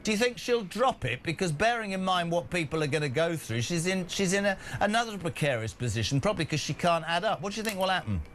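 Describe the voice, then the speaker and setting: A man's voice: fast, few pauses, slight background noise. Indignant male radio host. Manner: emphatic, indignant, lively pitch swings. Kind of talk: opinionated radio talk.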